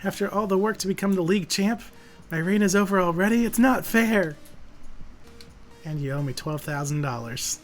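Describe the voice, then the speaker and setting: Guy playing a bratty young rival, loud, whiny, pitched up a bit; game dub. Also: normal speed, soft background music, close to an everyday voice. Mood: indignant. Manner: loud, indignant whining. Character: cocky young male rival, sore loser.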